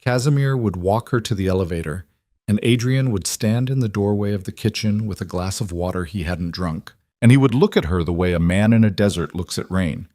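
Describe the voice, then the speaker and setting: A man narrating a scripted romance story in a measured, even way. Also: on the low side, no echo, clean studio sound.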